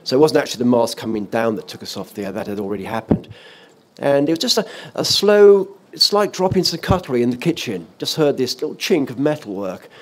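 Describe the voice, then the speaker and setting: Older male former DJ, lively anecdote teller on a panel stage. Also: medium pitch, fast. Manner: animated anecdotal, with laughs and restarts. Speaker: former offshore radio DJ, guest. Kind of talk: storytelling in a panel talk. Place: event stage or hall.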